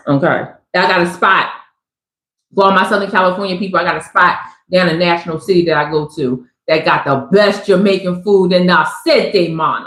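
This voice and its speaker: A woman giving a live tarot reading, talking in a loud, slangy, preachy and joking way. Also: mid-range voice. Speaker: tarot reader. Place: Southern California. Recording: echoey room.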